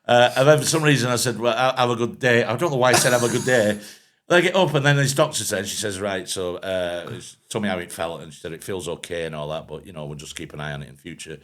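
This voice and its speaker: A middle-aged man with a low voice, co-hosting a podcast and telling crude, jokey stories with put-on quotes. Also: quick pace, fairly bright tone. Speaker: podcast co-host. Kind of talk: casual pub-style banter.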